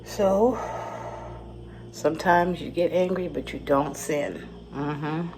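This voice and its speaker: A middle-aged California woman vlogs casually to camera, rambling and laughing at herself, first in her car and then in her home kitchen. Her voice is low and slow, with car noise in the background.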